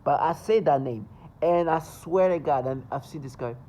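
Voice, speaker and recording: A man's voice: on the high side, normal speed, mellow, slight background noise, low-quality recording. A man delivering an agitated, insistent monologue to his viewers, rambling and emphatic. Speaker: vlogger.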